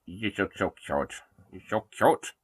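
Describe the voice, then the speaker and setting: A man's voice: deep voice, unhurried, breathy edge. Man baby-talking to his cat. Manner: cooing baby talk to a pet. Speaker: streamer. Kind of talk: casual stream chat, talking to his cat.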